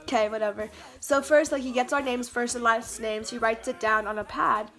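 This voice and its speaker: A woman's voice: fairly high pitch, fairly even intonation, fairly quick, pushed and bright, soft background music. A woman telling a story to her camera in a casual vlog, chatty and stammering, with lots of fillers and restarts. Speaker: vlogger. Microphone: camera mic.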